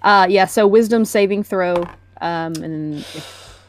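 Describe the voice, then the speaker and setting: Slow, hesitant woman player. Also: mid-range voice, slight background noise. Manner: hesitant, thinking aloud. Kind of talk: tabletop game play.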